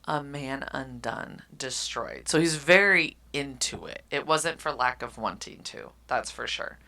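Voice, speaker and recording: Woman, low voice, bright tone, animated book chat, acts out lines. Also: measured pace. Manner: animated, acts out characters' lines and laughs often. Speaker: podcast co-host.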